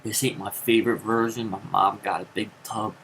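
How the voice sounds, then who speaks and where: Gravelly man telling a rambling story. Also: steady tone, a little fast, fairly bright tone, a little hiss or hum, poor audio. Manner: rambling, many fillers, jumps into high acted quotes. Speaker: vlogger.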